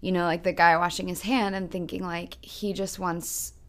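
A woman's voice: lowish voice, flat delivery, moderate pace. A woman co-hosting a podcast, telling a personal story in an earnest, reflective casual chat. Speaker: podcast co-host.

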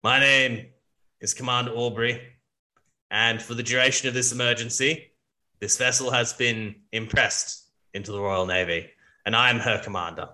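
A man's voice: mid-range voice, steady tone, normal speed, pushed and bright. A man doing a stiff, proper naval commander. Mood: formal. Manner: formal, old-fashioned phrasing.

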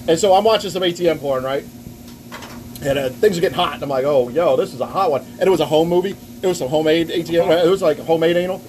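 A man's voice: fairly high pitch, racing, a little mellow, a little hiss or hum, low-quality recording. A man hosting a podcast live at a restaurant, telling crude rambling stories with lots of "right?" between lines. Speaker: podcast host. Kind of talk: casual crude podcast banter.

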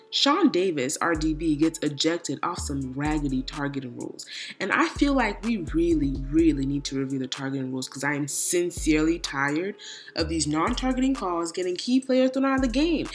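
Sassy young woman podcasting. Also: on the low side. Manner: sassy, animated, slangy, acts out quotes. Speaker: podcast host. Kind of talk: casual solo podcast commentary.

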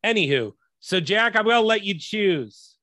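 A man's voice: sits high, expressive, normal speed, sharp tone, dry recording. A man hosting a podcast, telling a long story as a profane, exasperated rant in a casual way. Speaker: podcast host.

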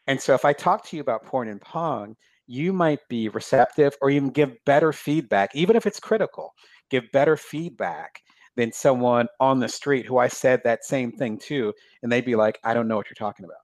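In a relaxed conversation, a male author appearing as a guest reflects on his own writing experience, speaking haltingly with plenty of fillers. His voice is mid-range, and the recording has no echo.

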